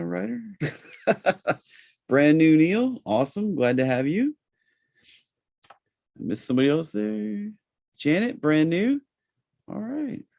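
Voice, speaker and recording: A man with a Southern accent hosting a live trading webinar, talking in a relaxed, chatty way with plenty of fillers. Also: fairly high pitch, vocal fry, no echo, clean studio sound. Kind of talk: casual live webinar presentation.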